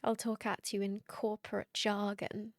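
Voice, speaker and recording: A woman's voice: medium pitch, little pitch movement, unhurried, no echo, studio quality. A woman streamer chatting casually and playfully with her viewers late at night, teasing and laughing often.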